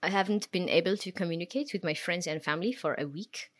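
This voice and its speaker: A woman voicing a bewildered, put-upon captive guest with a fake French accent, speaking quietly and hesitantly. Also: on the low side, fast talker, natural voice. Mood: mock-forlorn.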